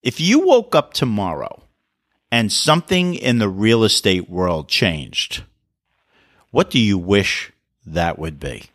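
A man's voice: lowish voice, very animated, slow pace, fairly bright tone, dry recording. A middle-aged man with a New York City accent hosts an interview in a chatty, easygoing way and often restarts his phrases. His voice is recorded close and dry. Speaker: podcast host. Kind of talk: casual interview talk.

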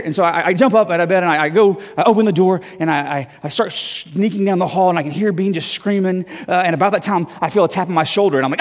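A male guest preacher in his thirties tells a story in a sermon, lively and self-mocking, often tripping over his own restarts. His voice sits a little high for a man. The sound carries a long reverb tail from the church hall. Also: quick pace, few pauses.

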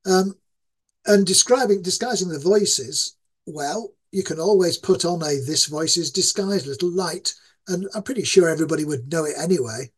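A man's voice: fairly high pitch, moderate pace, breathy edge. A man in his sixties with an East Yorkshire accent, talking at length as an interview guest, rambling with many fillers. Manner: rambling, self-described ranting with many fillers. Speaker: guest game designer. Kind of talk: casual interview talk.

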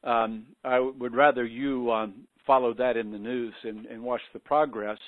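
A man speaking as a guest on a radio talk show, deliberate, with many hesitations. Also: medium pitch, fairly even intonation, dry recording. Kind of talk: conversational commentary. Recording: dry, narrow phone-like radio sound.

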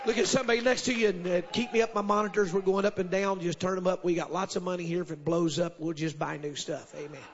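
A man preaching a sermon to a congregation, dropping frequent amens and rising to shouted refrains. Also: high-pitched, steady tone, fast talker, few pauses, lo-fi sound, a faint crowd. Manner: builds to shouted call-and-response, sprinkles amen. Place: church service with congregation.

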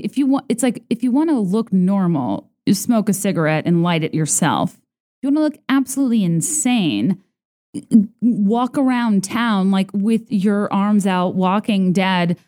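A woman hosting a podcast, telling stories in a chatty, sarcastic way, full of filler words and playful mockery. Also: mellow. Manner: chatty and sarcastic, heavy on "like", mimics others in high voices. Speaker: podcast host. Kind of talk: casual podcast monologue.

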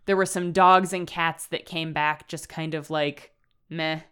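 Woman, podcast co-host, casual chatty book talk, smooth clear voice, lowish pitch. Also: fairly even intonation, measured pace, a bit bright. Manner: chatty, retells plot with dry asides and laughs.

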